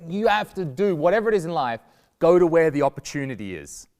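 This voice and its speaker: Animated Australian man in a reverberant hall. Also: on the high side, fast. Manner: animated, jokey, acts out quoted voices. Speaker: comedian giving a guest lesson. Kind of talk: lively stand-up style talk to students.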